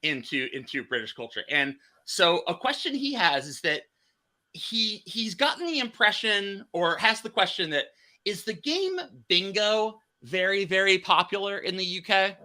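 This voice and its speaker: American man, podcast host, hesitant with fillers, very bright tone, slightly high voice. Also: animated, normal speed. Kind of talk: casual chat.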